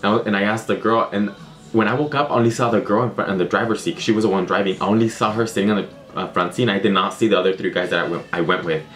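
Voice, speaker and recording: A man's voice: fairly low pitch, fairly even intonation, rapid-fire, a bit bright. A young man telling a story to camera in a casual, rambling way, with lots of filler words. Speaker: vlogger.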